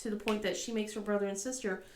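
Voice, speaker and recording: A woman's voice: medium pitch, little pitch movement, fast, darkish tone, roomy sound. A woman with a cold and a scratchy throat, chatting casually as a crafting vlogger, rambling with lots of ums and laughing often. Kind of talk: casual chat.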